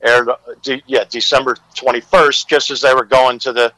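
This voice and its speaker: A man's voice: medium pitch, level tone, normal speed, pushed and bright, no room sound, rough recording. A man, a guest comedian, chatting in an easygoing way on a podcast. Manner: easygoing, brief affirmations. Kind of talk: casual chat.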